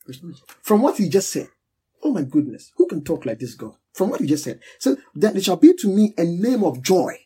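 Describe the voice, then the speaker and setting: A man's voice: high-pitched, very animated, a little fast, mellow, husky, rough recording. A man preaching a sermon, teaching with emphatic repetition and call-and-response with his listeners.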